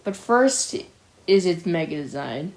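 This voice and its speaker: A young woman giving casual, opinionated commentary for a gaming video, chatty and quick to laugh at her own jokes. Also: on the low side, expressive.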